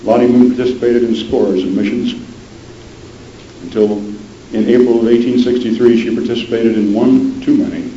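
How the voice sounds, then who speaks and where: A man telling a dramatic historical story in a measured way, often dropping low and soft for emphasis. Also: steady tone. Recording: roomy, dull lo-fi sound with faint noise.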